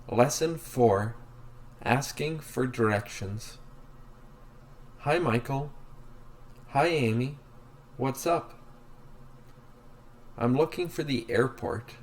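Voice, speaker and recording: Very slow-reading man for English learners. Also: medium pitch. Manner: reads both sides of each dialogue, very slow and evenly spaced. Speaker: English teacher reading practice dialogues. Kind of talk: slow scripted reading of beginner dialogues.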